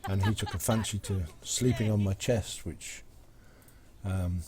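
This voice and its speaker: A man's voice: fairly low pitch, steady tone, unhurried. A man chatting casually on a live game stream, telling jokes in a rambling, hesitant way with many fillers.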